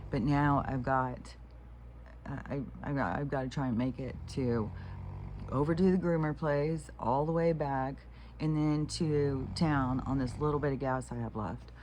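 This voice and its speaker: A woman's voice: a bass voice, steady tone, unhurried, darkish tone, a little hiss or hum. Rambling, foul-mouthed woman venting. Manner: meandering, frank and profane, with many restarts. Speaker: vlogger. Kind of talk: rambling casual monologue.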